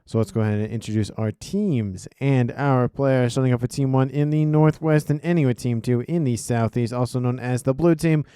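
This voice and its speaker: Man, game replay commentary, smooth resonant voice, mid pitch, chatty, self-correcting. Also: fairly even intonation, moderate pace, few pauses, dark tone, dry recording, clean studio sound. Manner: loose, chatty, corrects himself mid-sentence. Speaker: game caster.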